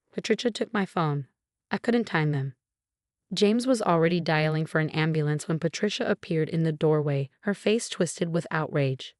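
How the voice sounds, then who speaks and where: A woman's voice: sits low, normal speed, no echo, clean studio sound. A woman narrating a dramatic first-person story.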